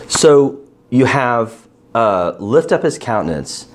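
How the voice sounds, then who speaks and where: Leading an interactive Bible study, a man with a mid-range voice speaks slowly, asking his class questions and stressing key words with animated emphasis.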